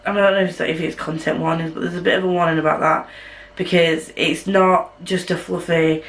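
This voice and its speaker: A woman with a Yorkshire accent talks casually to her camera at home, rambling from one thought to the next. She drops self-mocking asides as she goes, and her voice sits a little low for a woman. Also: flat delivery, brisk, rough recording. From Northern England. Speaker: vlogger. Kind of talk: casual chat.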